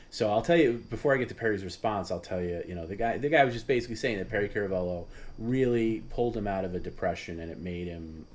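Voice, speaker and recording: A man with a somewhat low voice talks casually as the host of a livestream. He rambles and stops to restart his sentences, with plenty of fillers along the way. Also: slight background noise. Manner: rambling, halting with many restarts and fillers, laughs at his own story; voice jumps high and loud when mimicking others.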